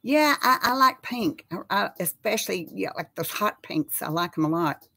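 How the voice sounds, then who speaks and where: A woman at a middling pitch hosting a casual live chat. She rambles warmly from topic to topic and reads out viewers' names as she goes. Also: expressive, moderate pace, vocal fry.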